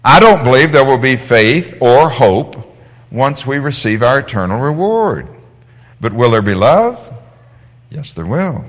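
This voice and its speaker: A man teaching a Bible class in a lively, sing-song voice that climbs and dips. He keeps firing questions at the class and answering them himself. His voice rings through a large hall with a long echo. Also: mid-range voice, a little slow.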